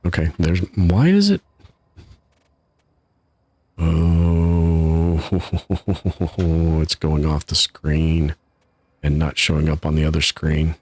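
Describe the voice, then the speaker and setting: A man's voice: rumbling low, drawn-out words, long pauses, a little mellow, no echo. A man casually commenting while he streams a game live, chatty and laughing at his own troubles from his home setup. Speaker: gaming streamer.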